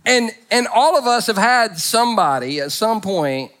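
A middle-aged man pastoring a church service gives a funny, story-driven sermon packed with comic impressions. His voice sits high with a sing-song lilt at a moderate pace, rising and falling between soft and loud.

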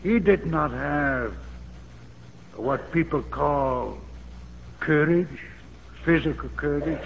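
Slow preacher guy, kinda high voice, repeats himself for emphasis, old muffled tape from a big echoey church. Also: gravelly. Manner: emphatic and repetitive, with fervent exclamations. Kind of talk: sermon. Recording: dull old sermon tape in a reverberant hall with faint hiss.

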